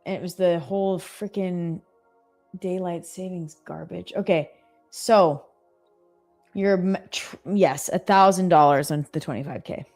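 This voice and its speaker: A woman's voice: lowish voice, fairly even intonation, measured pace, darkish tone, soft background music. A woman in her thirties co-hosting a live trading stream, chatty and self-mocking, asking questions. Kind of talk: casual live trading chat.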